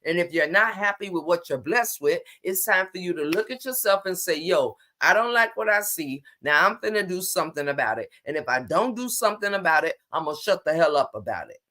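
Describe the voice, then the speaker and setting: A woman hosting a relaxed livestream chat, reacting to viewer comments as she goes. She talks in a sassy, emphatic, down-to-earth way and draws out her exclamations. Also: on the low side. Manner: colloquial, drawn-out exclamations.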